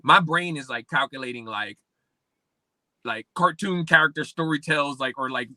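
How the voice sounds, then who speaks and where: A man from Pennsylvania, a podcast guest, telling his story in an animated, casual way, acting out what people said and leaning on "like" a lot. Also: on the high side, normal speed, no echo. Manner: animated, acts out quoted speech, many fillers like "like".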